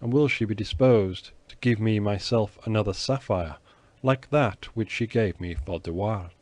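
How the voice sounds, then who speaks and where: A man's voice: fairly low pitch, normal speed, darkish tone, no room sound, natural voice. A man doing an ardent young swordsman. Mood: wry musing. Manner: gallant, earnest, theatrical. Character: young male swordsman, ardent, flattering, sly.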